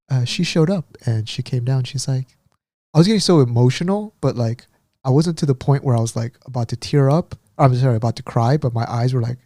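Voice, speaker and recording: A man co-hosting a podcast, chatting casually and telling a story with lively acted-out quotes. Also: mid-range voice, dry recording, clean studio sound. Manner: animated storyteller, acts out quotes. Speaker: podcast co-host. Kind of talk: casual chat.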